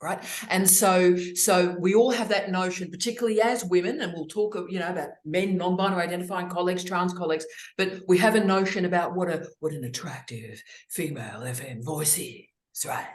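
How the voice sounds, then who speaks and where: A middle-aged woman hosting an online discussion, talking in an effusive, expressive way over a video call. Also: lowish voice, fairly quick, echoey room. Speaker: host. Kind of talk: casual webinar discussion.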